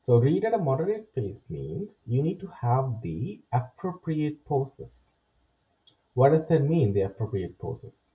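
A man's voice: medium pitch, big pitch swings, unhurried. Muffled, distant male test-prep teacher. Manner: explains step by step, often checks with "right?". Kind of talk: spoken lesson.

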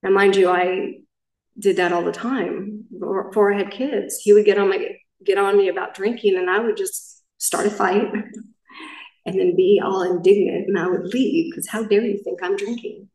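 A woman's voice: mid-range voice, fairly even intonation, moderate pace, a little mellow, reverberant, recorded from a distance, poor audio. A middle-aged woman from Southern California gives a personal recovery share as main speaker at a meeting, talking in a candid, rambling way and correcting herself as she goes.

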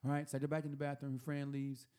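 A man telling a long story at a table in casual chat, animated and laughing often, repeating words as he goes. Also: mid-range voice, fast, heavy background noise. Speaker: podcast host telling a story. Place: room at a table.

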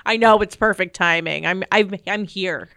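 A woman hosting a podcast, chatting casually with her guest, reacting with quick sympathetic comments and frequent laughter. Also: mid-range voice, vocal fry, sharp tone, clear, resonant tone, dry recording, studio quality. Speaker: podcast host. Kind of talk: casual chat.

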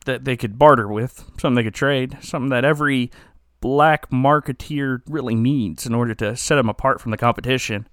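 A man's voice: mid-range voice, fairly bright tone, no echo, studio quality. A man hosting a podcast, casually recapping an episode in a rambling, joking way with many restarts. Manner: rambling, joking, self-correcting. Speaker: podcast host.

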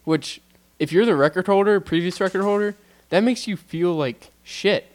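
A man's voice: high-pitched, moderate pace. A young man co-hosting a podcast, talking in a laid-back, casual way. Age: young adult. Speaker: podcast co-host. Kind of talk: casual chat.

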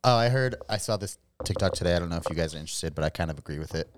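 A man's voice: deep voice, expressive, very fast, dry recording, studio quality. A young man co-hosting a casual podcast chat, loose and laughing, swearing often. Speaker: podcast co-host.

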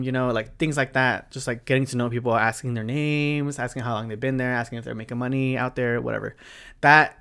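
A man's voice: mid-range voice, steady tone, fairly quick, fairly bright tone, smooth. Frank, chatty man swearing through bartending tips. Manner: frank, chatty, swears freely, many asides. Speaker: bartender sharing advice. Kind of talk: casual monologue vlog.

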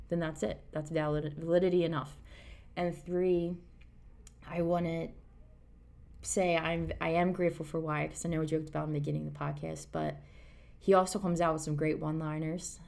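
A woman's voice: deep voice, vocal fry, dark tone. A woman in her thirties co-hosting a casual podcast, talking earnestly and rambling with restarts. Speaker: podcast co-host. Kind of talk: casual chat.

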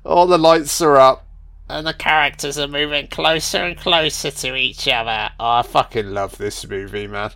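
A man giving a casual film commentary, excitable and heavily profane, full of slang and calling listeners man, son and baby. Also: mid-range voice, moderate pace.

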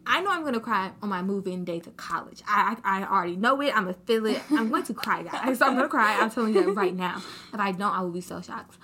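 A teenage girl co-hosting a podcast, chatting casually in slangy, animated storytelling with quoted asides. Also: medium pitch, fast, few pauses. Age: teens. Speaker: podcast co-host. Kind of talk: casual chat.

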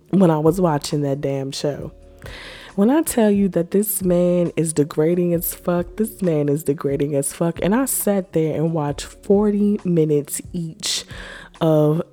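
A young woman vlogger in a casual, animated, profane rant about TV shows, full of slang and swearing. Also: fairly low pitch.

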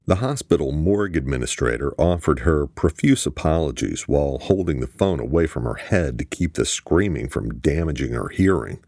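A man narrating an audiobook in an expressive, crude, scripted style. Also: rumbling low, normal speed, hardly any pauses, husky, no room sound, studio quality.

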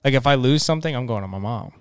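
A young man co-hosting a podcast, playful and quick to laugh, steering the chat with questions. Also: medium pitch, expressive, clean tone, no room sound, clean studio sound. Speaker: podcast co-host.

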